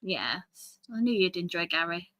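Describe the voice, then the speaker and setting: A woman's voice: lowish voice, sing-song, a little slow, sharp tone, no room sound. A woman with an English accent, chatting and giggling as a guest on a casual livestream call. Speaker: guest artist. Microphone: video call.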